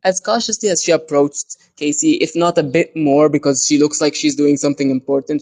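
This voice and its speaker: A woman playing her character in a tabletop role-play game, talking in quick restarts and asides. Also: low-pitched, dry recording. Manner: hesitant, restarting, excitable. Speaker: player.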